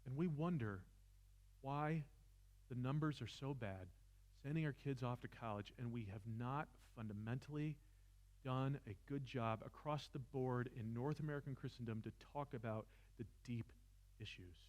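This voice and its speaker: A man with a mid-range voice speaks at a normal speed, lecturing a seminar with great passion. He teaches philosophy and speaks in a church seminar room, his voice climbing almost to a shout, with self-deprecating humor mixed in.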